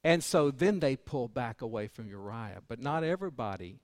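Preacher swinging from loud to hushed. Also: male voice, medium pitch, lively intonation, moderate pace, no room sound, studio quality. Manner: folksy, personal storytelling. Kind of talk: sermon.

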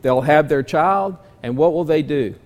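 A man teaching a church class in a folksy sermon style, asking his listeners many questions and moving between loud and soft delivery. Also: a little high, unhurried. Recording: long hall reverb.

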